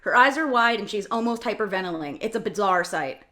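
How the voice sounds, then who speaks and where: A woman's voice: mid-range voice, lively intonation, fast talker, sharp tone. Woman plainly reading stage directions. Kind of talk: script-reading narration.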